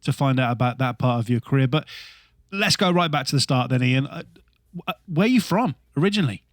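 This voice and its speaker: A man's voice: mid-range voice, expressive, brisk, no room sound, studio quality. A man hosting a podcast, asking questions in casual, friendly chat with frequent restarts. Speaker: podcast host, interviewer.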